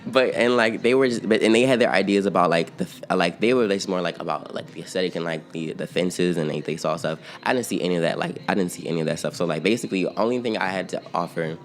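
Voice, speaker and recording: A young man with a very deep, low-pitched voice talks through a casual sit-down interview. He rambles in a relaxed way, stacking fillers and restarts, and often breaks into laughter mid-story. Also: fast talker, hardly any pauses. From outskirts of Philadelphia. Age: young adult. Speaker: interview guest, singer-songwriter and producer.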